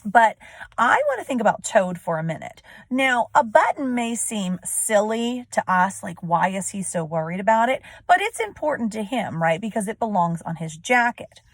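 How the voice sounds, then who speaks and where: A woman's voice: mid-range voice, big pitch swings, normal speed, dry recording. A woman teacher reading a storybook aloud to children and explaining it, often asking questions and checking with "right?".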